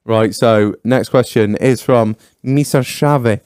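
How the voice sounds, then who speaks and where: A man's voice: medium pitch, takes it slowly, no echo, clean studio sound, faint music behind. A man co-hosting a drunken podcast chat, crude and laughing as he tells stories. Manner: crude, laughing, lively storyteller. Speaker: podcast co-host. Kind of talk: drunk casual banter.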